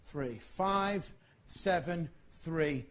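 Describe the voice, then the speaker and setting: A man from England with an English accent, doing a stand-up comedy magic act and joking with the audience in a dry, deadpan way. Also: fairly high pitch, drawn-out words.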